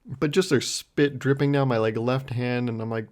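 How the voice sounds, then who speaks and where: A man's voice: medium pitch, fairly even intonation, moderate pace, vocal fry, darkish tone. Rambling, self-mocking young man. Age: 20s. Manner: rambling, self-mocking, laughs often, swears freely. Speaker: podcast host. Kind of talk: solo comedic storytelling.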